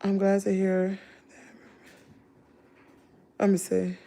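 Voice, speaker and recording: A woman's voice: mid-range voice, monotone, slow, warm tone. A woman hosting a live-stream, giving sassy, indignant gossip commentary straight to her chat. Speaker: livestream host.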